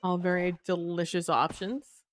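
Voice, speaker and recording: A woman streaming a game live, chatting casually with her viewers while she plays, sleepy and relaxed. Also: fairly low pitch, normal speed. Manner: relaxed, chatty, muses aloud to chat. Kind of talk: casual live gameplay chat.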